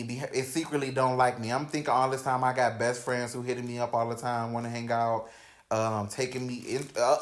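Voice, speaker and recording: A young man hosting a podcast, telling personal stories in a candid, slangy, dramatic way, dropping to low mutters and rising to loud outbursts. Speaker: podcast host. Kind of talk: candid storytelling chat. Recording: roomy echoey room.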